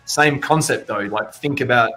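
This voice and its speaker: A man's voice: mid-range voice, moderate pace, pushed and bright. A man on a music feedback panel, talking casually and frankly, rambling with restarts.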